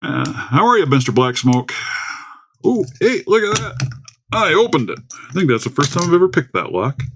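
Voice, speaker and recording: A chatty livestream host, a man talking at home into a desktop mic. His voice is gravelly and rough at the bottom, and it swings up and down a lot as he rambles and greets viewers. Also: a little high, sing-song, moderate pace, slight background noise. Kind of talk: casual livestream chat. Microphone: desktop USB microphone.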